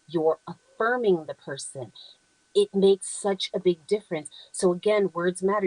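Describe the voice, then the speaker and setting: A woman presents on a talk show in an earnest, encouraging way, pausing on ums as she works through her points. Her voice sits in a middle range. The sound is dry and close with no room echo. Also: medium pitch. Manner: earnest, affirming, frequent ums, reads quoted phrases aloud.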